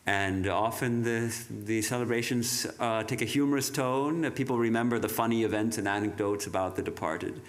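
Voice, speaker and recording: A man giving a reflective sermon, speaking in a measured way with halting restarts. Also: lowish voice. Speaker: monk giving a talk.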